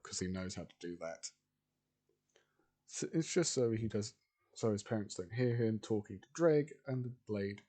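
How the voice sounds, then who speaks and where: A man's voice: mid-range voice, warm tone, slightly rough. A man narrating an improvised fan story in a rambling, repetitive way.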